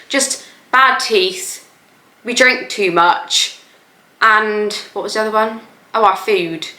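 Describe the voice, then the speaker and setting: A woman's voice: mid-range voice, pushed and bright. A young woman with an English accent chatting casually in a rambling way as she reacts to a video, filling her talk with "like". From England. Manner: rambling, lots of "like" fillers. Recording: roomy echo.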